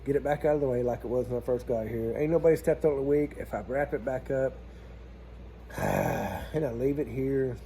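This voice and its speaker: A man telling a plumbing job story in a casual vlog, animated and swearing freely as he talks to his viewers. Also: mid-range voice, brisk, slight background noise.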